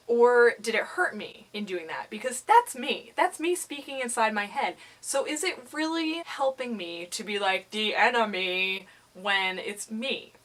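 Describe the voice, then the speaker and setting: A woman talking candidly in a casual vlog, sitting on the floor indoors, animated and exclamatory, with self-mocking asides. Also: mid-range voice. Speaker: vlogger.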